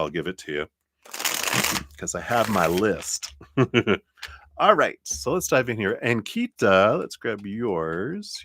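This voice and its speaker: A man from Colorado with a slight Southern drawl, reading tarot cards on a live stream in a chatty, rambling way with soft laughs and muttered asides. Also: lowish voice, slight background noise. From Colorado, USA. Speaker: tarot reader.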